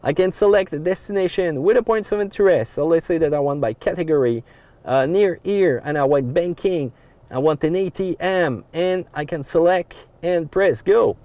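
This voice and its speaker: A car reviewer with a French accent, his voice on the high side with a dark tone, talks at a normal speed in a dry recording. Sitting in a pickup truck cab, he gives a loose, casual walkthrough of the dashboard controls, full of uh fillers and restarts.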